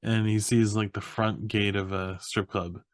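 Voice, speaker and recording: Animated young man recapping a movie. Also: lowish voice, measured pace, dry recording. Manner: animated retelling, acts out quotes, laughs often. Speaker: podcast co-host. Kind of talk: casual movie recap chat.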